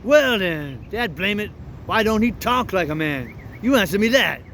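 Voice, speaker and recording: A man's voice: high voice, big pitch swings, normal speed, fairly bright tone, a little hiss or hum, full character voice. A man reading an audiobook, voicing a stubborn grown man who argues in folksy rustic dialect. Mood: stubborn, puzzled. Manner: folksy drawling dialect, argumentative.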